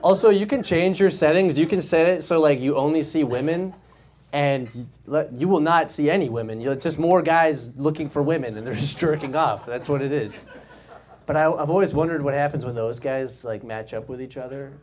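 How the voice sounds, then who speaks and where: A man's voice: fairly high pitch, normal speed, a little mellow. A man, performing a casual stand-up set in a comedy club and laughing at his own jokes. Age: 20s. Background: audience laughter.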